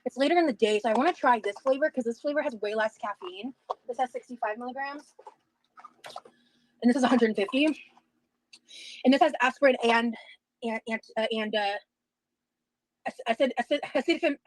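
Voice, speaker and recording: A woman's voice: on the high side, fairly quick, long pauses, poor audio. A woman livestreaming, out of breath and rambling casually while reading chat aloud.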